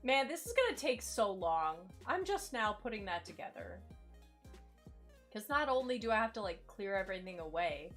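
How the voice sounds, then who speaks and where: A woman's voice: mid-range voice, very animated, moderate pace, a bit bright. Chatty woman streamer, faint game music. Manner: chatty and candid, fillers like "like" everywhere, greets chat. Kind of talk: casual live-stream chat while playing.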